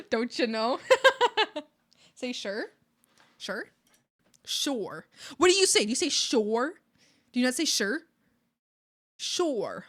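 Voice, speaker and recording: A Canadian woman streamer chatting casually with viewers while she draws, giggly and animated, often laughing. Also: high-pitched, slow pace, long pauses.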